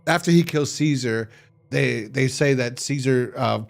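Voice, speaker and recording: A man with a medium-pitched, gravelly voice reviews a TV episode at an unhurried pace. His recap is casual and rambling, full of fillers and restarts.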